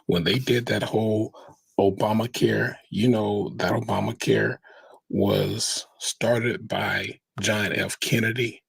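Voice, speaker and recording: A man's voice: fairly low pitch, steady tone, slow, creaky, slightly rough, no room sound. A man hosting a casual commentary monologue, rambling, restarting words and talking straight to his viewers. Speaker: commentary show host.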